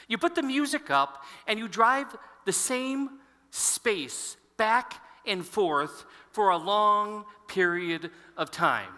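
A pastor in his fifties preaching a sermon to his congregation, telling stories and asking the room questions. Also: sits high. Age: 50s. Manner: storytelling, animated, addresses the congregation. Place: large church hall. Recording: long hall reverb.

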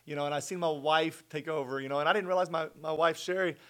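A middle-aged man telling a personal faith story as a guest in conversation, earnest and animated. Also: fairly high pitch, fast. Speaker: guest sharing his testimony.

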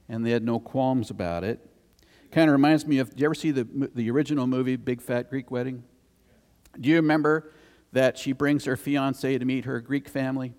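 A man's voice: mid-range voice, darkish tone. A male pastor delivers a sermon in an easy, conversational way, trading stories and questions with his congregation. When he reads scripture his delivery climbs and grows emphatic. His mid-range voice carries a long reverb from the church hall. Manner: conversational storytelling preacher, rises to emphatic scripture reading. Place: church sanctuary.

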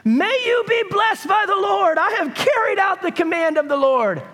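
A man's voice: extremely high pitch, animated, moderate pace, a bit bright, pitched above the performer's own voice. A preacher acting out a proud king who brushes off blame with pompous excuses. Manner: pompous, blustering.

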